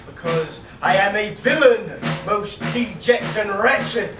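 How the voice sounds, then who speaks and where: A man acting a brooding young stage villain, declaiming grandly and deliberately, taped from far off in a theatre. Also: sits high, expressive, roomy sound, music in the background. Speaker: stage actor. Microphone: far camera in audience.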